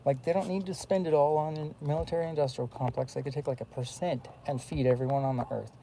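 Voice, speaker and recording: Man talking to camera, gravelly dark voice, rambles with fillers, faint hiss behind. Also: on the high side, steady tone, quick pace, rough recording. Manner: rambling, many fillers and restarts. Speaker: vlogger. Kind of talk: rambling casual monologue.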